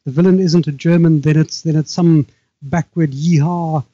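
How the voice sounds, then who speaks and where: Dark-voiced older man. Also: a little high, steady tone, dry recording, lo-fi sound. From South Africa. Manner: measured, halting with frequent restarts. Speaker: guest author. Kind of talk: remote interview conversation.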